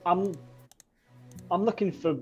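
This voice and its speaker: A man plays in a tabletop game with a fairly high voice. He stumbles and repeats words as he speaks. Faint music sits behind him. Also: slow pace, muffled recording. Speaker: player.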